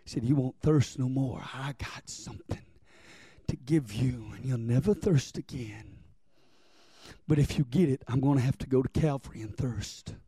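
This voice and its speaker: A man preaching a sermon in a church, building from plain talk to shouted, drawn-out peaks and calling on the congregation to respond. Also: medium pitch, breathy edge, no room sound, clean studio sound. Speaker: pastor.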